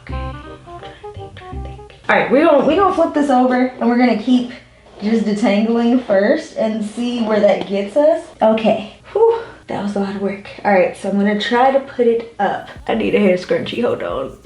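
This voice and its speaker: A woman's voice: a little high, lively intonation, normal speed, a little mellow, soft background music. Young woman, casual hair vlog, chatty, slightly breathless, roomy echo. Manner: chatty, laughing asides, addresses viewers as y'all. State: a bit out of breath from styling. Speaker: beauty vlogger.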